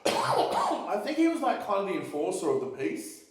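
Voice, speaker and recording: A man's voice: sits high, wildly swooping pitch. Swearing, rambling man, echoey. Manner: rambling, swears freely, halting restarts. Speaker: interviewee. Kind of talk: casual street interview.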